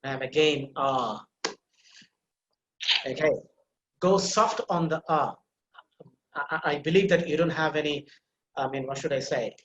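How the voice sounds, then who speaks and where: A man's voice: on the high side, a little slow, long pauses, a bit bright, dull audio, a little hiss or hum. Male instructor, patient step-by-step explainer, roomy echoey sound. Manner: explains step by step, repeats key points, many fillers. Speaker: teacher. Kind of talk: online pronunciation lecture.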